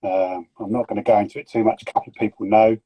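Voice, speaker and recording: A middle-aged man with a Yorkshire accent talks in a husky, rough voice, rambling and teasing as a guest on a live stream. His voice comes through a phone on a video call and sounds dry and close. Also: lowish voice, steady tone, fast talker, dark tone, no echo, rough recording. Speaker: guest gecko breeder. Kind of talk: casual banter on a live stream.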